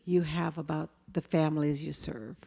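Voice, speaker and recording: A woman presenting a workshop, talking to her audience in a lively way and asking them questions. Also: sits low, moderate pace, vocal fry, husky. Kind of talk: interactive talk. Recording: hall reverb.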